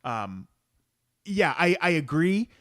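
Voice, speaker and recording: A man's voice: a little high, sing-song, takes it slowly, fairly bright tone, no echo, studio quality. A man co-hosting a movie podcast in laid-back casual chat, hesitating often. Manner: laid-back, many ums and uhs. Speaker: podcast co-host.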